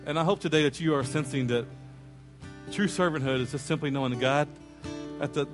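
A man preaching a sermon, telling a story with lively acted-out quotes and asides to the congregation. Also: mid-range voice, racing, soft background music. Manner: animated storyteller, acts out quoted voices, jokes with congregation. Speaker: pastor. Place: church sanctuary.

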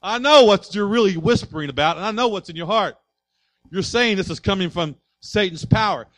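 A male pastor preaching in a high voice. He swings from soft asides to loud, driving passages and keeps asking the congregation questions. The sound is dry and close. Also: a little fast, no room sound. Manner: asks the congregation rhetorical questions. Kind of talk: sermon.

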